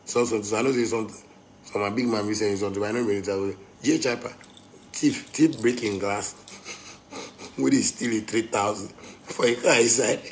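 A man from Ghana with a Ghanaian Pidgin English accent, ranting angrily, swinging between shouting and low muttering. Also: steady tone, moderate pace, a little hiss or hum. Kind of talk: angry rant.

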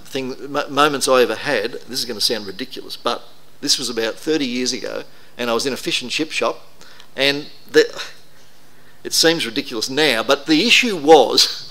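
A man's voice: fairly high pitch, fairly bright tone. A middle-aged man, preaching a conversational, anecdotal sermon to a congregation. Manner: conversational, anecdotal, self-deprecating. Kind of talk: sermon talk.

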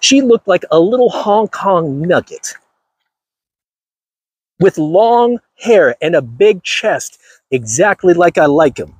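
An emphatic man hosts a casual livestream, hammering his points to viewers with lots of repetition. His voice is on the high side and swings widely in pitch. It sounds husky, in a dry, close room. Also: darkish tone, no echo. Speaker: channel host.

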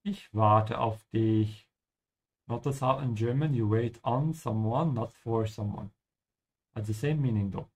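A man hosting a live-streamed lesson, explaining German pronunciation slowly and switching between English and German. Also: mid-range voice, darkish tone, breathy edge. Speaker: language teacher and stream host.

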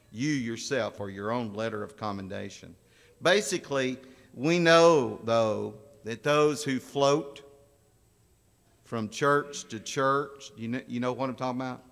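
Folksy preacher in a reverberant church. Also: male voice, medium pitch, gravelly, a bit bright. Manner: folksy storytelling, asks the congregation questions. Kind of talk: sermon. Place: church sanctuary. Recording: long church hall reverb.

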